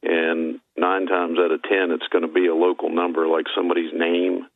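Male caller, halting and hesitant, very deep voice, phone-line sound. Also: little pitch movement, creaky, no room sound. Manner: halting, many fillers and restarts. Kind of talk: phoning in to a talk show.

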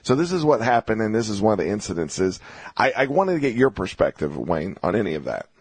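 Husky low-voiced male talk radio host. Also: very animated, dry recording. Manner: halting, many fillers and restarts.

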